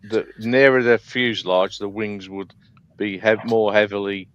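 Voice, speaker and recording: A man's voice: fairly low pitch, steady tone, unhurried, fairly bright tone, clean tone, dull audio. A man chatting casually on a live panel call, hesitant with many ums and restarts. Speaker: scale modeller on a live panel. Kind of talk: casual chat. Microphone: video call.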